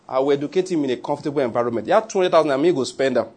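A man's voice: on the high side, racing, few pauses, a little mellow, slightly rough. A man with a Nigerian accent, a pastor preaching a sermon in a joking, conversational way with pidgin asides.

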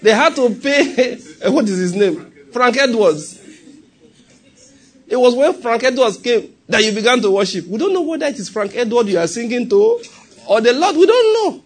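Man, nigerian accent, preaching, husky, slightly high voice, lively. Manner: animated, laughing asides, acts out prayers softly. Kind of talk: sermon.

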